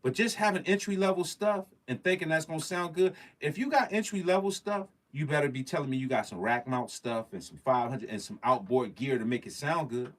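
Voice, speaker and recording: A man's voice: a little high, fairly quick, few pauses. Slangy emphatic man chatting live. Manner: slangy, emphatic, repeats phrases, addresses the chat directly. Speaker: livestream host. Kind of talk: casual livestream chat.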